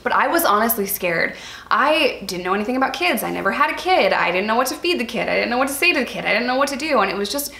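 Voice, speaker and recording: A woman's voice: a little high, expressive, fast talker, creaky, pushed and bright. Earnest woman vlogger, roomy echo. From New York. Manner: earnest, chatty, addresses viewers as "you guys". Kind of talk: candid personal storytelling to viewers.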